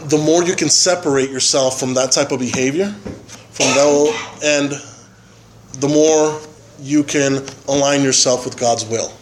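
A man giving a personal testimony at a recovery meeting, halting and full of fillers and tag questions. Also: mid-range voice, a little hiss or hum, rough recording. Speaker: member sharing at a recovery meeting.

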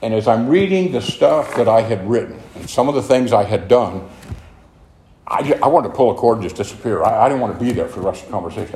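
In a club meeting room, an older man earnestly shares his own story at a recovery meeting, wandering from point to point. His voice is mid-range and mellow, and the room echoes slightly over faint noise.

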